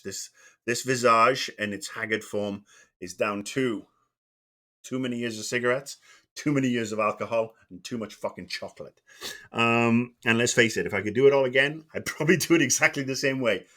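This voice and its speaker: A man's voice: mid-range voice, normal speed, bright, forceful tone. A middle-aged man streaming live, chatting casually in a meandering, profane, self-deprecating way. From Wales.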